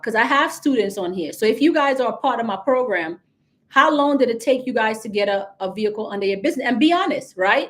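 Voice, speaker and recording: A woman with a Caribbean accent, coaching viewers in a casual livestream and talking straight to them. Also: a little high. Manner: chatty, addresses viewers directly, reads out comments. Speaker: business credit coach.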